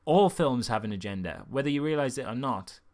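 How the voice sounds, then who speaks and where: A young man reviewing a film in a casual, comic way, with sarcastic, animated asides. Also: medium pitch, fairly quick.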